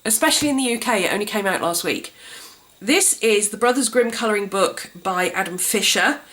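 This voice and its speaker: A woman vlogging a gift guide in a chatty, enthusiastic way, her voice congested and a little gruff from a cold. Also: mid-range voice, animated, a little fast, fairly bright tone. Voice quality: slightly gruff. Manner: chatty, enthusiastic, self-described colouring book nerd. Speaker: craft vlogger. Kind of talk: casual gift guide chat.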